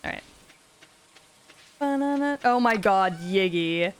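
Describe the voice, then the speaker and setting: A woman's voice: medium pitch, moderate pace. A woman streamer chatting casually with her viewers while gaming, giggly and chatty, swearing often.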